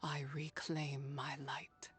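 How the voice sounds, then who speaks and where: A woman voicing a solemn female spirit, the leftover wrath of an immortal, in a grave, measured, poetic manner for a game. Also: fairly low pitch, soft background music. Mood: resigned. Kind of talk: game voice acting.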